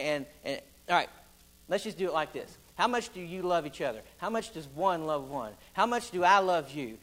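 A man preaching a folksy sermon, building to loud, emphatic stretches. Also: fairly high pitch, rough recording. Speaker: pastor.

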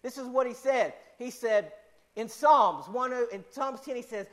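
A man preaching a sermon in an earnest, repetitive way, slowing down for emphasis. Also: very high-pitched, fairly bright tone.

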